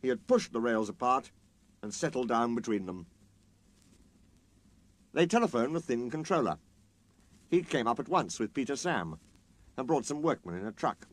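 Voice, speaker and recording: A man reading a children's story aloud, in an expressive, lilting storytelling manner. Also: medium pitch, normal speed, long pauses.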